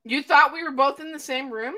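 A woman in her forties hosting a casual live chat, blunt and profane and quick to laugh. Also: high-pitched, pushed and bright. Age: 40s.

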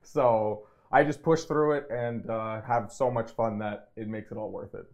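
A young man chatting casually as a guest on a gaming stream, halting and restarting his sentences. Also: lowish voice, fairly even intonation, a little mellow. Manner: hesitant, stumbling restarts, self-described awkward. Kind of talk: casual chat. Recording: slightly dull sound.

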